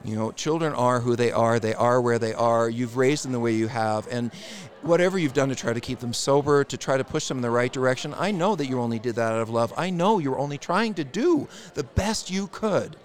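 A man's voice: medium pitch, a little fast. A man appearing as a therapist guest on a podcast, speaking with blunt, emphatic conviction. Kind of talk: casual interview.

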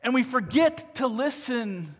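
A male pastor delivers a sermon in an easy, conversational manner, punctuating his points with rhetorical asides to his listeners. His voice sits high for a man. The sound carries the long reverb of a large hall. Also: lively intonation, a little slow, fairly bright tone, breathy edge, faint music behind. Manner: conversational preaching with frequent "right?" asides.

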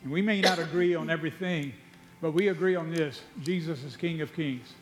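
A man's voice: fairly high pitch, faint music behind. Preaching man in a reverberant church. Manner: preaching with slow, drawn-out emphasis and repeated words. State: gets out of breath easily. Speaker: pastor. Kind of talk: sermon. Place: church sanctuary.

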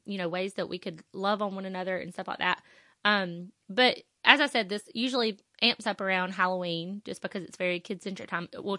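A woman's voice: mid-range voice, pushed and bright, no echo, clean studio sound. A woman, talking on her faith podcast in an emotional, rambling way with many fillers. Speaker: podcast host. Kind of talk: personal faith podcast talk.

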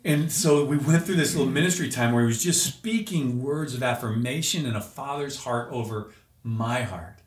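A man's voice: medium pitch, moderate pace. A man telling an emotional personal story as a podcast guest, earnest and searching, with restarts. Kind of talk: personal testimony in an interview. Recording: roomy echo.

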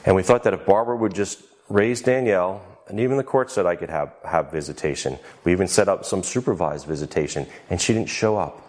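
A man speaking haltingly and earnestly in an emotional TV interview clip. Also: deep voice, darkish tone. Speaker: father interviewed on a talk show clip.

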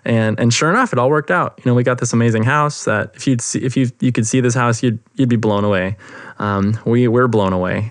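A man's voice: medium pitch, creaky, no room sound, studio quality. A young man hosting a faith podcast, telling a personal testimony in an earnest, enthusiastic way, with many fillers and restarts. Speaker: podcast host.

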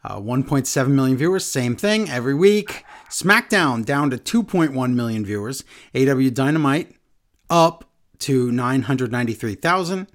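A man's voice: mid-range voice, lively intonation, normal speed. A man hosting a podcast, chatting casually and rambling, often correcting himself. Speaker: podcast host. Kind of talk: casual chat.

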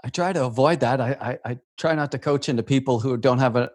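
A man's voice: medium pitch, fast talker, dry recording, studio quality. A man hosting a podcast, a coach who tells stories animatedly and acts out the dialogue. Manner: animated storyteller acting out dialogue. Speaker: host, coach. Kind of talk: casual podcast conversation.

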